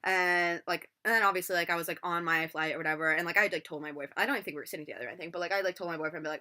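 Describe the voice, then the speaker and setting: A woman's voice: fairly low pitch, racing, hardly any pauses, bright, forceful tone. A young woman in her twenties telling a rambling storytime, full of swearing and filler words, recorded on a laptop microphone. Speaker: vlogger. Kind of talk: storytime vlog. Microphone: laptop built-in mic.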